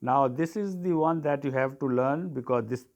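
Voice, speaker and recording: A man's voice: mid-range voice, moderate pace, darkish tone. Man teaching a biology lesson. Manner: dictating, repeats terms and spells them out.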